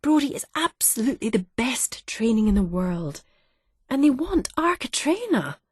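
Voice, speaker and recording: Patient middle-aged wife read by a woman narrator, gently teasing, soft and soothing, husky tone. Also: a little high, big pitch swings, normal speed, no echo, studio quality, voice pushed up.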